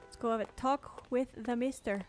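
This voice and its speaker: A woman's voice: on the high side, steady tone, normal speed. A woman streamer playing a detective game live, chatting with her viewers. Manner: chatty, talking to chat. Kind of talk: live gameplay commentary. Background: game music.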